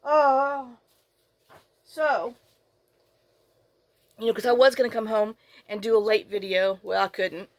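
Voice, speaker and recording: A woman's voice: a little high, steady tone, slow pace, pauses often, no room sound. A woman vlogger chatting casually to camera, tearful and fighting back crying, rambling and often trailing off to restart. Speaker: journaling channel vlogger. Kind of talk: casual to-camera vlog chat.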